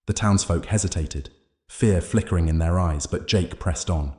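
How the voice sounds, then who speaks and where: A man reading a horror story aloud as scripted narration, measured and dramatic. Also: deep voice, a little mellow. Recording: roomy echo.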